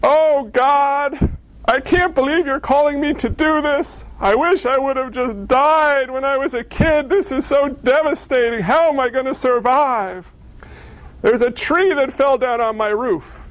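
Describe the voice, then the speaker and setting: A man's voice: very high voice, fairly bright tone, no echo, voice pushed up, low-quality recording. A man preaching puts on a melodramatic voice for a despairing, self-pitying complainer. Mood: whining. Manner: melodramatic wailing, drawn-out.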